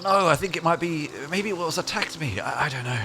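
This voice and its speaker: Male player, lively, uneven pitch, flustered and mumbling, home mic with steady noise. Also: fairly quick. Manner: flustered, trailing off, soft and mumbling. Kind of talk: in-character tabletop play.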